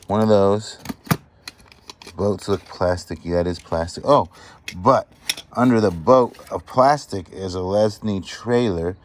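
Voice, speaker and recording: A man vlogging as he sorts a storage unit find, chatting excitedly and appraising each item aloud. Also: sits low, unhurried, a little hiss or hum. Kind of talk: casual show-and-tell commentary.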